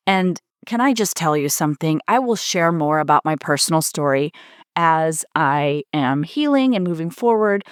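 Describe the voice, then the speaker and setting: With a smooth, medium-pitched voice and studio-quality sound free of room echo, a middle-aged woman from the United States delivers a personal monologue on her coaching podcast. Her tone is heartfelt and earnest, marked by emphatic repetition.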